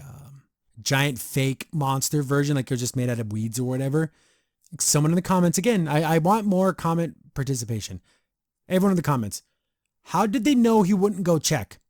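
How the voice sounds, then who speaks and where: A man hosting a podcast, giving a casual episode review in a rambling, excitable way full of fillers. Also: fairly high pitch, no echo, studio quality. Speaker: podcast host.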